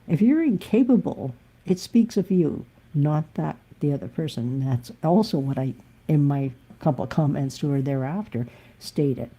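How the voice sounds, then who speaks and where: Low, husky-voiced woman speaking bluntly. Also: expressive, normal speed, warm tone. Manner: blunt, emphatic, occasionally swearing. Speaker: musician live-streaming. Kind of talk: candid live-stream monologue.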